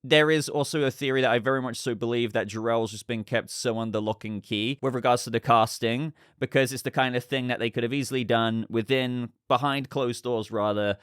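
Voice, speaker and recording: A man's voice: medium pitch, fairly even intonation, fairly quick, few pauses, a bit bright, smooth, no room sound, studio quality. A man hosting a casual news commentary show, chatty and rambling with lots of fillers. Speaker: host.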